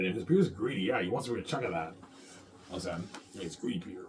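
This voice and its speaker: A man rambling through a casual monologue, quick and animated, circling back over the same points. His pitch moves freely as he talks. The mic sits at some distance, with faint background noise. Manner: animated, fast, repetitive storytelling. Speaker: vlogger.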